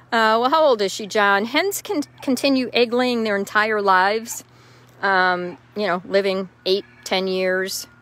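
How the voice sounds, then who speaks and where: A woman's voice: medium pitch, unhurried, fairly bright tone. A woman hosting a casual live stream from her chicken yard outdoors, greeting viewers by name and answering their questions. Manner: chatty, reads out viewer names and answers questions. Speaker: host.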